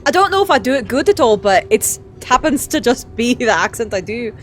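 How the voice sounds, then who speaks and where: A woman's voice: a little high, big pitch swings, brisk, slight background noise. A woman streaming a game live, chatty and self-mocking, laughing often as she comments.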